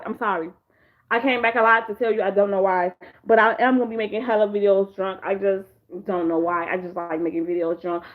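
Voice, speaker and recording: A tipsy young woman rambling profanely about TV shows in a casual vlog, slipping into animated impressions. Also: fairly high pitch. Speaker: vlogger. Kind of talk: casual drunk show recap. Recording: dull lo-fi home video audio.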